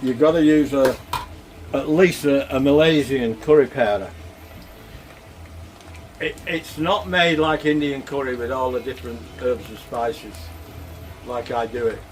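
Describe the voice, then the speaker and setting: A man's voice: mid-range voice, measured pace, faint music behind. An older man chats casually while he cooks at home, rambling and chuckling as he talks. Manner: rambling, chuckling, plain-spoken. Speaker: cooking vlogger. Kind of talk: casual cooking chat.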